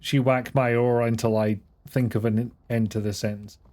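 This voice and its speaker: A man's voice: mid-range voice, little pitch movement, normal speed, darkish tone. A man hosting a live game stream, joking casually and swearing now and then. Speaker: streamer host. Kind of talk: casual chat while gaming. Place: home streaming setup.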